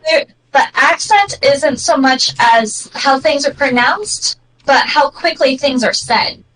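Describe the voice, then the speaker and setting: A woman with a high, bright voice chats casually on a livestream. She is talkative and jokey, slipping into quick playful impressions. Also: animated, a little hiss or hum, low-quality recording. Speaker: guest on a livestream. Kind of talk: casual chat.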